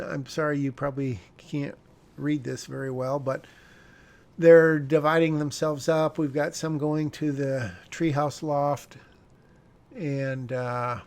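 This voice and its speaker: A man's voice: medium pitch, vocal fry. A male screenwriter talking casually through his own script, rambling and correcting himself with wry asides.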